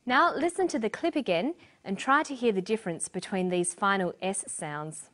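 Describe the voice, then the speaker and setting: A woman narrating a scripted English lesson as a teacher, speaking clearly and deliberately. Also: medium pitch, animated, a bit bright.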